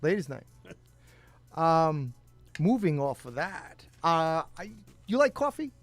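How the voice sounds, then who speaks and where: A man with a somewhat high voice chats casually as a talk show co-host, spinning loose anecdotes full of laughs and the odd curse. Soft music plays faintly behind him. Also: big pitch swings, takes it slowly. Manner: storytelling, laughs often, swears. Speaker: podcast co-host. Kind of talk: casual chat.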